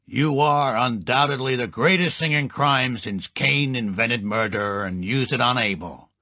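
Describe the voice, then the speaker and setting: A sonorous, ornate gangster, put on by a man reading an audiobook. His words land with heavy emphasis, in a husky voice with no reverb. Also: medium pitch, unhurried, bright, forceful tone. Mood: flattering. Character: sonorous older male crime boss.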